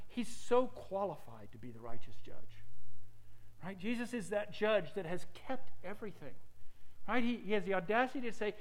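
Man preaching a lively conversational sermon. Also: a little hiss or hum, low-quality recording. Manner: conversational preaching with humorous personal stories, pitch rising and falling widely. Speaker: pastor.

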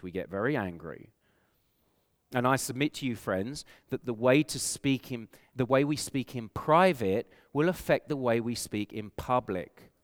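A man's voice: medium pitch, long reverb tail. A man with an English accent, preaching a sermon as a pastor, earnest and emphatic, posing rhetorical questions to the congregation. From England.

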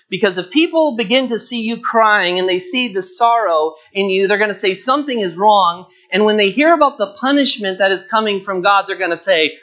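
Heard through a dull lo-fi recording, a man with a high-sitting, sharp voice goes verse by verse through a Bible lesson. His delivery is earnest and explanatory, and he draws out the key words.

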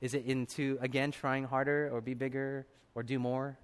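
A man in his thirties preaching a sermon as a pastor, telling a personal story with animated delivery and acted-out voices. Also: mid-range voice, normal speed, smooth.

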